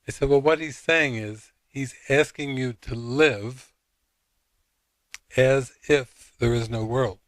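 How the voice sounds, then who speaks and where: Taking it slowly in a medium-pitched voice, a spiritual teacher shares an anecdote at a retreat. He wanders through the story, recounting dialogue full of fillers, and the recording is dry.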